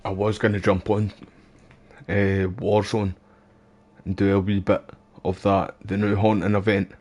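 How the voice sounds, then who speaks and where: A man's voice: fairly low pitch, flat delivery, unhurried, a little mellow. A Scottish man chatting casually to viewers while live streaming a game, laid back and swearing freely.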